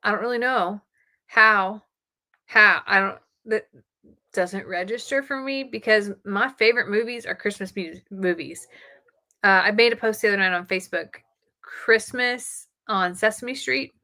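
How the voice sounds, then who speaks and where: Bright-voiced chatty woman streaming live. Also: mid-range voice, unhurried. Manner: chatty, excitable, talks to viewers. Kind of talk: casual live stream chat.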